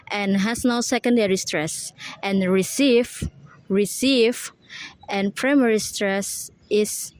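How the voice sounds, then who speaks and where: A young woman, a university student, presenting a lesson and slowly repeating example words several times each. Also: mid-range voice, dry recording. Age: young adult. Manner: slow, drawn-out repetition of example words. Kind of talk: read-aloud class presentation.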